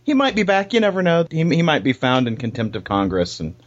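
A joking podcast host teasing his friends. His pitch swings lively up and down as he goes. The recording is dull and lo-fi. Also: brisk. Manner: joking, teasing, laughs often. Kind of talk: casual chat.

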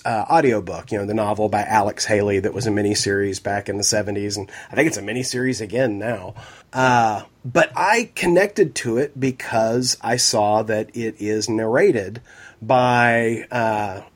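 A man co-hosting a podcast in casual chat, a bit hoarse from a cold, rambling and wry. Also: lowish voice. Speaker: podcast co-host.

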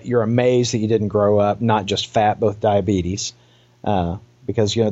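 A man's voice: fairly low pitch, darkish tone. A man narrating a tabletop game as game master, rambling and full of fillers. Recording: dull lo-fi.

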